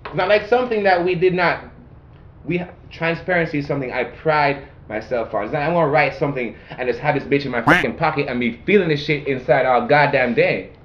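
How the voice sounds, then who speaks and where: A man's voice: a little high, a little fast, slight background noise. Profane, emphatic man in a roomy space. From Jamaica. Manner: profane, emphatic storytelling with many repeats. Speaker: guest entrepreneur. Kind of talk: casual chat. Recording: roomy, muffled recording.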